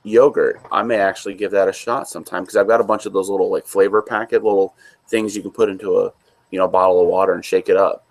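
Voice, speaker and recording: A man with a very low, deep voice talks through a casual chat. He co-hosts in an easygoing, rambling manner. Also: fairly even intonation, fast. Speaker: co-host.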